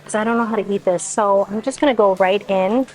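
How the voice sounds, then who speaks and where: A woman's voice: mid-range voice, a little fast, darkish tone, low-quality recording. A woman food vlogger tasting dishes and talking to the camera, effusive and exclaiming often as she eats. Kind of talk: casual food review to camera.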